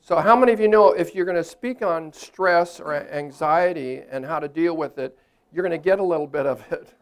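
A man's voice: on the high side, fairly quick, clear, resonant tone. An older man preaching a sermon as a pastor in a church, chatty and playful, laughing at his own jokes.

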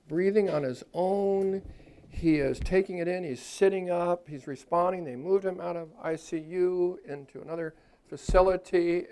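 A man's voice: a little high, dark tone. An older man preaching a sermon as a pastor in a church, chatty and playful, laughing at his own jokes.

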